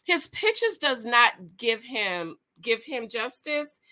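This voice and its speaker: Gushing bright-voiced woman vlogger. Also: a little high, very animated, slow. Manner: gushing and rambling, with frequent self-corrections. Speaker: reality TV recap vlogger. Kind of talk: casual recap chat.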